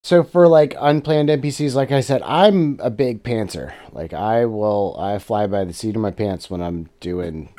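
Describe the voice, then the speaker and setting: Animated male podcast co-host. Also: on the low side, moderate pace, few pauses, no room sound. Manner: animated, rambling explanations with fillers. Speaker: podcast co-host, game master. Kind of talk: casual podcast chat.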